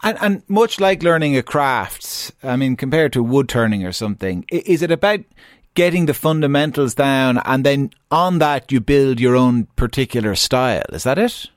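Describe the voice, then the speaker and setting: A man's voice: medium pitch, animated, normal speed, no room sound, clean studio sound. A male interviewer asking long, stumbling questions, often repeating words as he frames them.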